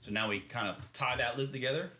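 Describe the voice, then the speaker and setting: A man's voice: medium pitch, quick pace, sharp tone, slight background noise. A man co-hosting a podcast, recapping a book in loose, rambling casual chat, swearing and laughing often. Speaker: podcast co-host. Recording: echoey room.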